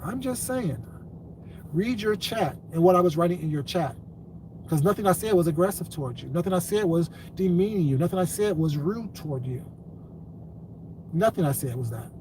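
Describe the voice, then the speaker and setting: A man on a live stream addresses his viewers in a long, blunt lecture that tips into cursing. His voice sits a little high. He is a little away from the microphone, with faint room noise behind him. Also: expressive, a little fast, warm tone. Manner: lecturing, then cursing angrily. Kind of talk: live-stream rant to chat. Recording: distant mic, faint ambient noise.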